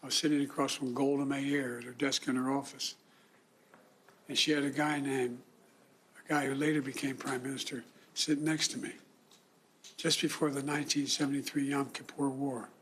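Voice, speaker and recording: An older man from the United States giving a formal, solemn speech, often clearing his throat. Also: medium pitch, level tone, a bit bright, slight background noise. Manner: measured, solemn delivery with frequent throat clearing. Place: indoor room.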